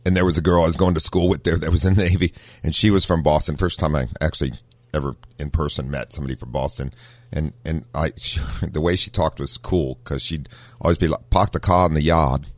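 A man's voice: a bass voice, fairly even intonation, quick pace, no echo. A man hosting a car-talk radio show, chatting folksily with lots of fillers. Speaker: radio show host, auto shop owner. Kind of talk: casual radio talk with a caller.

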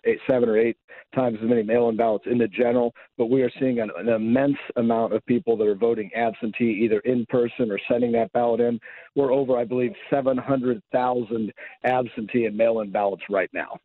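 A hoarse man speaks in a steady, mid-pitched voice, laying out his points in a measured, explanatory way. He comes in over a tinny phone line, so his voice sounds thin and clipped. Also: no echo. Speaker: state secretary of state, radio guest. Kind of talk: radio phone interview.

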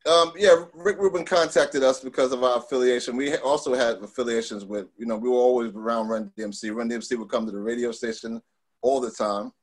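A middle-aged man from Long Island, telling stories in a casual interview, animated, with many fillers and restarts. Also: medium pitch, fast talker. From Long Island, New York. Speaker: guest.

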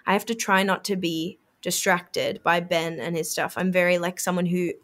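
A young woman chatting casually as a podcast co-host, animated and laughing often. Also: lowish voice, moderate pace. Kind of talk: casual chat.

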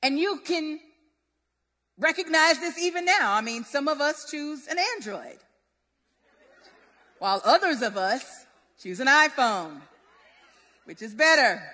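A woman preaching a sermon in a lively, conversational, relatable way. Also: high-pitched, measured pace, pauses often. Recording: long hall reverb.

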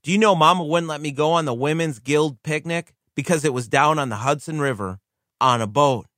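A man's voice: fairly high pitch, fairly quick, a bit bright, no echo, natural voice. Heartfelt blind little girl writing to gramps, as a man reads her letter, dry close sound. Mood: eager, heartfelt. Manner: eager, wondering, heartfelt.

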